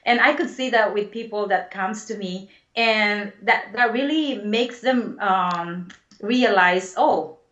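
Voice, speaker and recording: A woman guest, a spiritual healer, answering interview questions in a gentle, reflective way and laughing easily. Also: medium pitch, takes it slowly. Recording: dull lo-fi sound in an echoey room.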